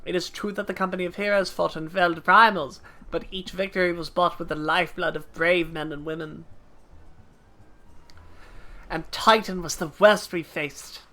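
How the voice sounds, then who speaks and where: A woman reading the lines of a grizzled veteran mercenary captain in a stern, measured way. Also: fairly low pitch, fairly even intonation, a bit bright, lightly acted.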